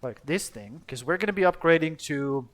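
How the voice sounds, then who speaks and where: A man's voice: on the high side, animated, moderate pace, fairly bright tone. A young man from Finland, chatting casually and swearing as he plays a video game, talking to himself and his character. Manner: rambling, profane, talks to himself and the game. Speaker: streamer. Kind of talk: casual gameplay commentary.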